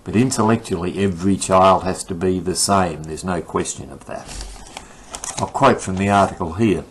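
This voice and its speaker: A man's voice: low voice, moderate pace, a little hiss or hum, poor audio. An older man, giving an indignant, sarcastic rant about the day's news. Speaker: commentator. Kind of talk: ranting opinion monologue.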